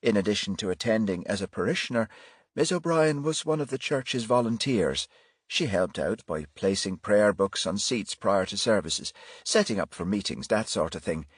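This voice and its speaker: A man putting on a soft Irish pastor. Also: lowish voice, animated, normal speed, breathy edge, no room sound, clean studio sound. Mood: gently solemn. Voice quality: soft, solemn.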